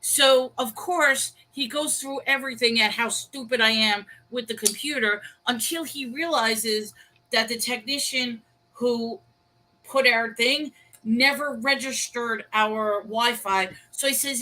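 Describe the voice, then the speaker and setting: Bright-voiced chatty woman on a call. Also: fairly high pitch, unhurried, rough recording. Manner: chatty, storytelling, laughs easily. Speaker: co-host. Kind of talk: casual chat. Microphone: video call.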